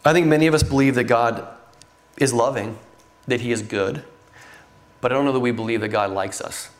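A man's voice: medium pitch, brisk. A middle-aged man preaching a sermon in an earnest, conversational way, with frequent fillers and restarts. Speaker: pastor.

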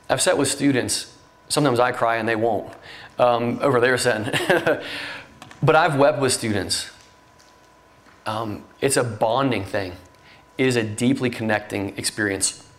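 A man's voice: mid-range voice, measured pace, long pauses. A middle-aged man preaching a sermon in an earnest, conversational way, with frequent fillers and restarts. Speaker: pastor.

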